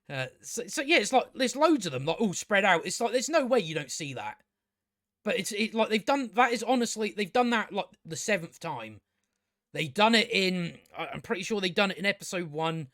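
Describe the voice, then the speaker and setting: A man's voice: high voice, fairly bright tone, no room sound, studio quality. Sarcastic, rambling man reviewing TV. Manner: rambling, sarcastic, sweary, many restarts. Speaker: TV episode reviewer.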